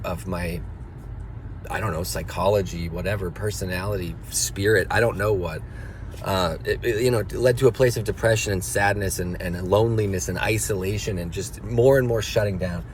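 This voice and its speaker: In the car after school drop-off, a father speaks alone in a low voice, sharing an unscripted personal reflection. He is earnest and confessional, and his voice rises as emotion builds, with slight noise in the background.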